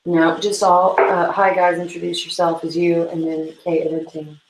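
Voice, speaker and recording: A woman's voice: on the low side, level tone, normal speed, slight background noise. Woman, co-host, casual chat, giggly, rambling asides, echoey room. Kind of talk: casual chat while cleaning tack.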